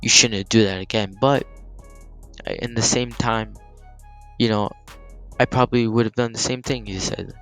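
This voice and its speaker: A teenage guy telling a story in a casual vlog, animated and heated, swearing freely and filling with "like". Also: on the low side, moderate pace, pauses often, faint music behind. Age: teens. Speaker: gaming channel storyteller.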